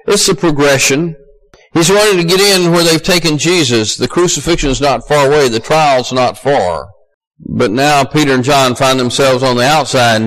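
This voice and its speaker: Southern man preaching a folksy sermon. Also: poor audio. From American South. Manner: folksy, conversational preaching that rises to loud high emphasis.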